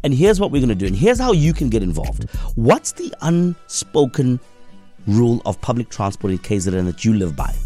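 A man's voice: mid-range voice, huge pitch swings, normal speed, dark tone, faint music behind. A man with a South African accent hosting a radio show, joking and teasing in casual banter. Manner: playful, teasing, laughs often.

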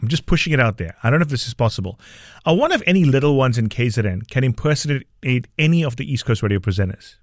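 A man's voice: medium pitch, expressive, fast, no echo, clean studio sound. A man hosting a breakfast radio show, bantering animatedly and laughing easily.

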